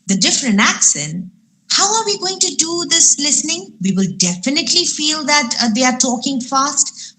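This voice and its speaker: A woman's voice: mid-range voice, fairly bright tone. A woman from India giving a live webinar lesson as an exam trainer, explaining step by step and asking herself rhetorical questions. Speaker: IELTS trainer.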